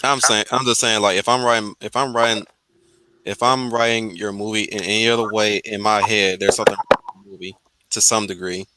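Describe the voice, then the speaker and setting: A man's voice: on the low side, fairly even intonation, a little fast, pushed and bright, a little hiss or hum, rough recording. A man from Wisconsin chatting casually, rambling through his opinions with many restarts. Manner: rambling, restarts often while musing. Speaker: podcast host. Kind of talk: casual group chat.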